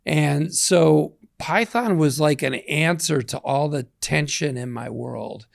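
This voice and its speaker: A man's voice: fairly high pitch, slow, vocal fry, no echo, studio quality. A man in his sixties, an interview guest, talking in a reflective, rambling, self-deprecating way. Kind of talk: casual interview talk.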